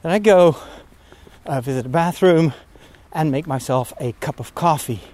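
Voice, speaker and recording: A priest podcaster recording a casual vlog outdoors while walking, a bit out of breath, talking in a rambling, easily distracted way. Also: male voice, a little high, moderate pace, darkish tone, slight background noise. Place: outdoors on a walk at sunset.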